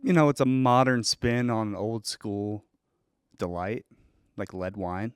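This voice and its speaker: A man co-hosting a podcast, chiming in with wry, deadpan quips during casual banter. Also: fairly low pitch, a little slow, smooth, no echo, clean studio sound. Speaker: podcast co-host.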